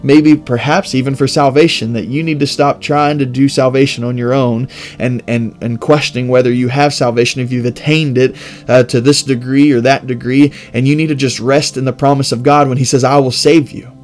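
A man's voice: mid-range voice, fairly even intonation, a little fast, soft background music. Earnest man hosting a devotional. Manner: earnest, emphatic repetition. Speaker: devotional podcast host. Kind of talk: Bible reading and devotional reflection.

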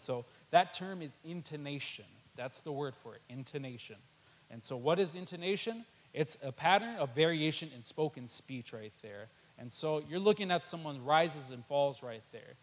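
Casual male preacher, slightly high voice. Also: lively intonation, normal speed, poor audio. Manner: conversational, many fillers, repeats "right there". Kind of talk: sermon.

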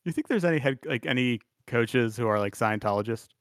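Man, podcast co-host, mid-pitched, rambling casual talk, dry close sound. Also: lively intonation, fairly quick, no room sound. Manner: rambling, laughs at himself. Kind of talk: casual sports chat.

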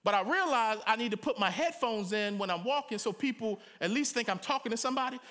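A middle-aged man preaching a sermon in a colloquial, animated way, breaking into loud cries and acted-out quotes. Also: high-pitched, fast talker. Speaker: pastor.

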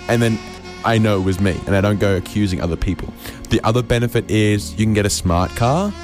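A man's voice: fairly low pitch, darkish tone. An Australian man hosting a comedy radio show, spinning a rambling, absurd monologue with stammered restarts.

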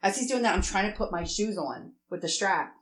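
A woman telling a rambling story in casual chat, animated and swearing often. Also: mid-range voice, brisk. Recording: roomy echo.

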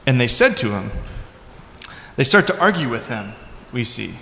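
A male pastor giving a sermon in a conversational way, acting out quoted lines with lively voices. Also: mid-range voice, normal speed, vocal fry, slight background noise. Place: church hall. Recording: echoey hall.

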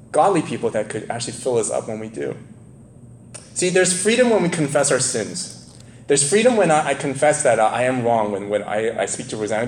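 A man's voice: mid-range voice, darkish tone, a little hiss or hum. A man preaching a casual, conversational sermon, chuckling often and asking his listeners "right?". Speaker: pastor. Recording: echoey room, faint ambience.

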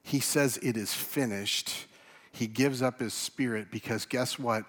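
A man preaching a sermon, animated, swinging from loud emphasis to hushed tones. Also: on the low side. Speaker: pastor. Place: church.

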